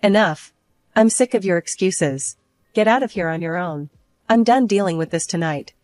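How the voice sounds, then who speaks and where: A woman's voice: fairly low pitch, expressive, normal speed, darkish tone, no room sound, lightly acted. A woman voicing a controlling adult husband who talks in a firm, clipped, scolding way in a storybook narration. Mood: angry.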